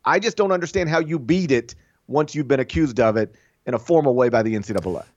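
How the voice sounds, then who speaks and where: A man hosting a casual sports podcast, animated and opinionated, often restarting phrases and putting on mock voices for others. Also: mid-range voice, quick pace, no room sound. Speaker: podcast host. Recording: dull lo-fi sound.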